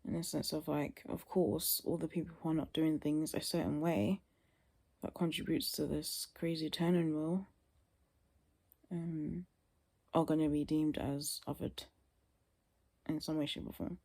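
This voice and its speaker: A woman's voice: sits low, fairly even intonation, a little slow, gravelly, long pauses, darkish tone. A young woman vlogging casually to camera, sleepy and yawning, rambling and trailing off into tired mutters.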